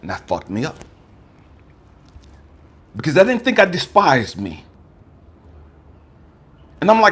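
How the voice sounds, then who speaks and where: A man's voice: fairly high pitch, wildly swooping pitch, slow pace, long pauses, fairly bright tone, slightly rough. A man, a life coach, giving an impassioned personal testimony in an emphatic, profane, raw and confrontational way. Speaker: life coach and motivational speaker.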